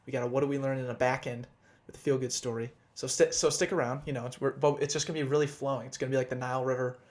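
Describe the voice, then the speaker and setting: A man's voice: mid-range voice, steady tone, rapid-fire. A man co-hosting a podcast in casual chat, rambling through upbeat banter with restarts. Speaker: podcast co-host.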